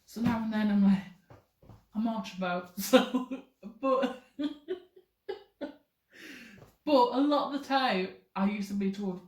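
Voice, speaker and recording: A young woman vlogger talks casually to camera at normal speed and medium pitch, rambling chattily with plenty of fillers. The recording sounds roomy and echoey.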